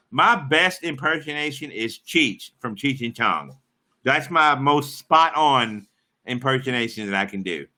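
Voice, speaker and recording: A man's voice: medium pitch, expressive, slow pace, sharp tone. A man chatting on his live stream in a rambling, crude and profane way. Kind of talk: casual live-stream chat.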